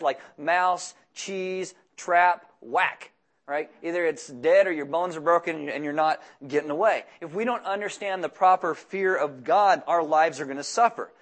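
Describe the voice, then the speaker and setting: A man preaching to his church in an easy, chatty way, dropping deadpan jokes between the verses he reads. His voice sits a bit higher than most men's. He sounds like a pastor talking straight to his own people. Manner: conversational, joking asides between scripture readings. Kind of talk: sermon.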